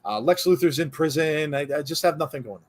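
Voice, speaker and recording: A man's voice: a little high, fairly quick, close to an everyday voice. A man voicing a bored male superhero who whines about wanting a night out, in a joke he tells. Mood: restless.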